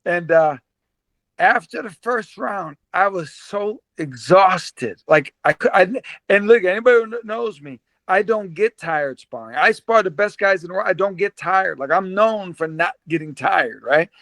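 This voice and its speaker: Lively, high-voiced man telling boxing stories. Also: a little slow, creaky, dry recording. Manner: animated storyteller, laughs often, repeats words. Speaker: guest, former pro boxer. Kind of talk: casual storytelling interview.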